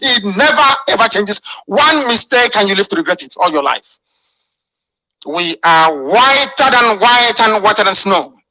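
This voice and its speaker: A man's voice: high-pitched, very animated, measured pace, pushed and bright, no echo, low-quality recording. A man delivering a fiery, scornful radio address full of rhetorical questions. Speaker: radio broadcaster.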